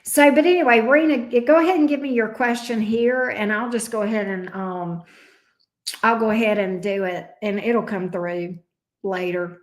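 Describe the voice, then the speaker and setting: A woman's voice: mid-range voice, moderate pace. Chatty Southern woman on a livestream. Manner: chatty, uses endearments like babes and love bug. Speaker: tarot reader livestream host. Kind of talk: casual livestream chat with viewers. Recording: echoey room sound.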